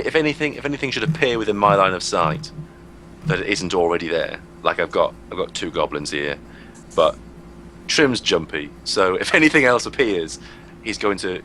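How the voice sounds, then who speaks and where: A man's voice: low voice, pushed and bright, a little hiss or hum. A man playing a tabletop game, hesitant and planning his moves aloud with many fillers. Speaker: player.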